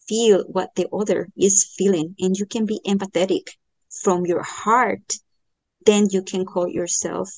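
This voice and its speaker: Slow-talking woman with dry close sound. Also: medium pitch, a little mellow, no echo. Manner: slow, thoughtful, many fillers and restarts. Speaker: astrologer giving a chart reading. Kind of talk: podcast interview, explaining.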